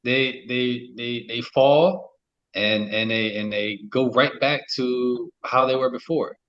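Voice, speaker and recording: A man speaks on a talk show panel in a casual, halting way, often repeating words before landing his point. His voice sits at an ordinary middle pitch. The audio is a little dull and muffled. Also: steady tone, a bit bright. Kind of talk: casual discussion.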